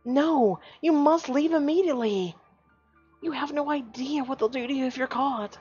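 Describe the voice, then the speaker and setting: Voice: high voice, moderate pace, a little mellow, highs cut off, faint music behind, voice pushed up, lightly acted. A game streamer voicing a weak, pleading captive mermaid woman who urgently warns of danger. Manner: urgent, fearful warnings.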